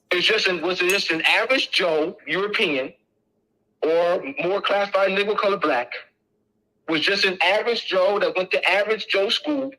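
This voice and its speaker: In a low-quality recording, a middle-aged man holds forth before an audience with a high, sharp, forceful voice. He pounds his points through repetition, casual in manner but insistent.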